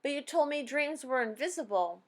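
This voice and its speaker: A woman voicing a big, gentle, excitable male giant who mangles his grammar and makes up words. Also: high voice, brisk, voice pushed up. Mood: explaining.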